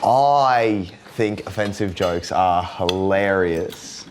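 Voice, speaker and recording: A man stating his opinion at a dinner table, slow and deliberate. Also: low voice, slight background noise. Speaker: housemate.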